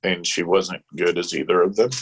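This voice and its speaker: A man with a very deep, husky voice dropping short, dry remarks into a podcast chat. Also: steady tone, moderate pace. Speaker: podcast co-host. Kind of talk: casual chat.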